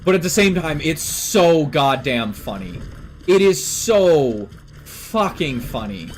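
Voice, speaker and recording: A man's voice: fairly high pitch, big pitch swings, takes it slowly, soft background music. A young man from Canada chatting casually on a stream, rambling with lots of fillers and swearing. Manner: rambling, filler-heavy and profane. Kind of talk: casual chat.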